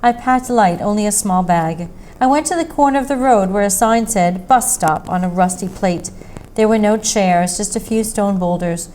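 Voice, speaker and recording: A woman reading a mystery short story aloud in a steady, measured narration. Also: mid-range voice, a little hiss or hum, low-quality recording. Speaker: story reader.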